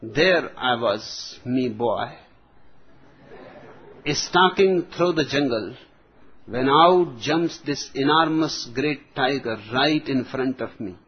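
A man voicing a pompous old retired British army colonel telling a joke, with slow, blustering boasts. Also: mid-range voice, expressive. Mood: boastful. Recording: dull lo-fi recording.

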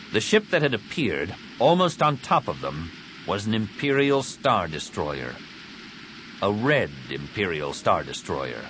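A male narrator reads an action novel dramatically, his pitch rising and falling in a lively way. A steady background hiss sits under the read. His delivery keeps a steady storytelling pull. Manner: dramatic, expressive reading. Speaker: audiobook narrator. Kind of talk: scripted narration.

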